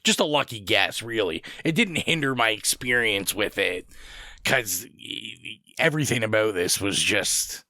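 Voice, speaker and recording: A man's voice: fairly low pitch, lively intonation, unhurried, pushed and bright, no room sound, clean studio sound. A man co-hosting a podcast, chatting casually and animatedly, swearing and laughing often. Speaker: podcast co-host. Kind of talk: casual chat.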